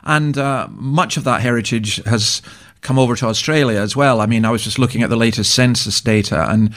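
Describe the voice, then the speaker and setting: A man's voice: medium pitch, a little fast, a bit bright. A middle-aged Scottish man, a minister, talking casually as an interview guest, chatty and self-deprecating with many restarts. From Scotland.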